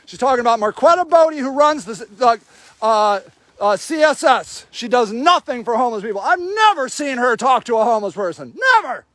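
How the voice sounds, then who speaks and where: Brief: high-voiced angry man, dry close phone mic, yelling accusations at officials. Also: animated, a little fast, no room sound. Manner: shouting, furious, accusatory. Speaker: homeless advocate livestreaming. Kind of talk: angry confrontational livestream. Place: outdoor homeless camp in snow.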